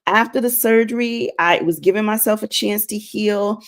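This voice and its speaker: A woman with a medium-pitched voice and moderate pace streams an inspirational, faith-centered talk. Earnest and preachy, she addresses her viewers directly and repeats things to stress them.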